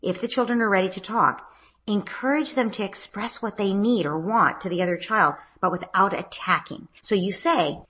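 A woman, a parenting expert, calmly explaining what parents can say to children who are fighting. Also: mid-range voice, normal speed, breathy edge. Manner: calm, explanatory, acts out gentle parent lines. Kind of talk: advice conversation.

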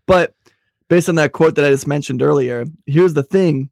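Gravelly-voiced guy ranting about politics, lotsa swearing, dry close sound. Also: on the high side, moderate pace, a little mellow, no room sound. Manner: rambling, profane, crude. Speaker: podcast co-host. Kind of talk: casual political chat.

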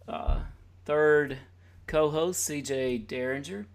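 A man's voice: a little high, big pitch swings, slow, creaky. A man hosting a podcast in casual chat, joking and rambling as he teases his co-hosts. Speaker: podcast host.

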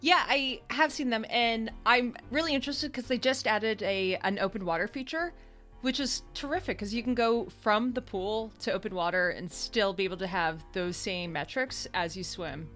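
A woman's voice: mid-range voice, moderate pace, a bit bright, faint music behind. A woman co-hosting a sports podcast, chatting casually and laughing easily, often trailing off and restarting. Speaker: podcast co-host. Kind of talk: casual chat. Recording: echoey room.

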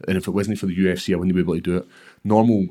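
A man's voice: deep voice, fairly even intonation, very fast, warm tone. A Scottish man in his thirties, a professional fighter telling his story candidly and bluntly in an interview, swearing freely.

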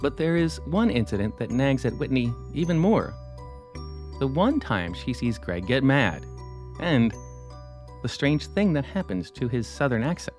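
A male host narrates in a scripted, dramatic way, teasing the listener with questions. His pitch rises and falls a great deal. Clear music plays under his voice. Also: big pitch swings, measured pace, a little mellow.

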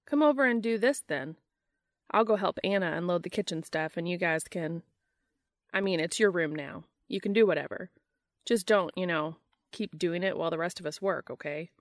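A wry, put-upon young man, voiced by a woman reading a story. He grumbles in a dry, lowish voice. The recording is close and dry. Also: normal speed, dry recording, lightly acted. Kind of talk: audiobook reading.

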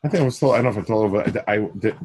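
A man's voice: lowish voice, rapid-fire, a little mellow, a little hiss or hum. An older man teaching a Torah class, mixing Hebrew phrases into English with frequent restarts.

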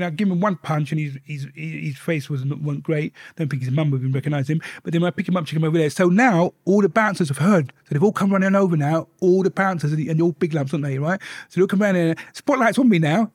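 A man speaking as a guest in a candid life-story interview, an animated storyteller who often repeats his words. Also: high-pitched, no room sound, studio quality.

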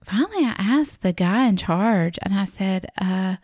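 A woman's voice: medium pitch, unhurried, no echo. Chatty Southern woman, dry close sound. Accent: Southern American. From American South. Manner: chatty, animated, acts out quoted voices. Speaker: storyteller. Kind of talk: casual personal storytelling.

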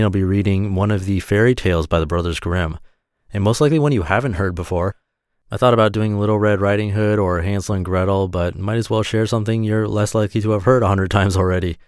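A man with a low voice reads a fairy tale aloud as a podcast host, relaxed and friendly. The recording is very dry and close, with no room sound. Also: no room sound.

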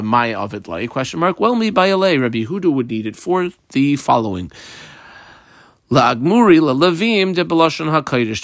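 A man's voice: medium pitch, a bit bright, dry recording, studio quality. Man teaching a Talmud class. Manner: explanatory, mixing Hebrew and Aramaic terms into English, with frequent fillers.

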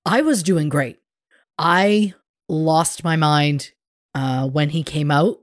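A woman's voice: low-pitched, slow, dry recording, studio quality. A woman co-hosting a podcast, chatting casually and telling a story animatedly, acting out the other people in it. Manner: animated storyteller, acts out quoted voices. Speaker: podcast co-host. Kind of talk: casual chat.

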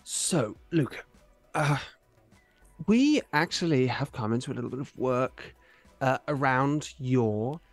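A man talks in character during a tabletop game, playfully charming and smooth. His voice sits mid-range and sounds dry and close, with a faint music bed behind. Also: medium pitch, lively intonation, slow, dry recording. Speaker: player. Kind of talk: in-character role-play.

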